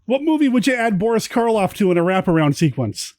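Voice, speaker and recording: A man's voice: sits high, very animated, fast, a little mellow, no echo. Dry, giggly male podcast host. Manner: laughs often, quizzing a guest. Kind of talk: casual chat.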